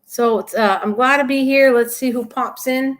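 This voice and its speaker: A woman's voice: sits high, moderate pace. An older woman hosting a casual live stream from home, chatting in a rambling way and greeting viewers by name.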